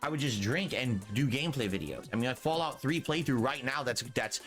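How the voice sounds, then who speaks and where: A middle-aged man streaming, lecturing his viewers in a preachy, drawn-out way and repeating his warnings. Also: medium pitch, expressive, fairly bright tone, faint music behind. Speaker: live streamer.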